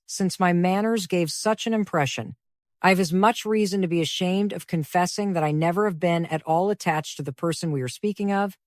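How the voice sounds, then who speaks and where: Woman doing a clever young lady owning up, earnest, lowish voice, dry close sound. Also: no room sound, close to an everyday voice. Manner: earnest, trying to sound lively. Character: clever young woman, proud but contrite.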